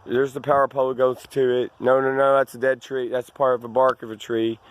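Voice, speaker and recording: A man from Arkansas films himself while walking his rural land, vlogging as a landowner in a rambling outdoor walk-and-talk. His voice is medium in pitch with little pitch movement, fairly quick and clean in tone. He meanders through many restarts and asides and sounds out of breath.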